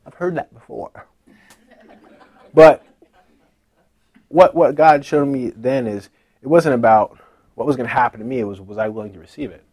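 A man shares a personal testimony in a relaxed storytelling way, acting out what others said to him. His voice sits at a middle pitch. The recording is dry, with no room echo. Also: normal speed, pauses often. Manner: chatty storytelling that acts out what others said, with many "like" fillers. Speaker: speaker giving a testimony at a conference.

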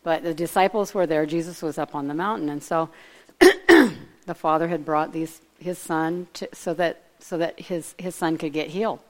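A woman with a low voice preaches in an easy, conversational way. She wanders off on asides and thinks out loud as she retells the story. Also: normal speed. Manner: conversational and digressive, speculating aloud. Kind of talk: informal sermon.

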